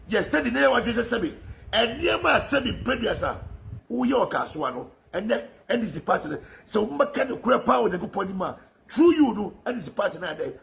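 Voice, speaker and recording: Ghanaian male commentator, high raspy-fry voice, impassioned monologue with frequent laughs. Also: fairly bright tone, slight background noise. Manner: fervent, often laughing mid-sentence. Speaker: political social media commentator.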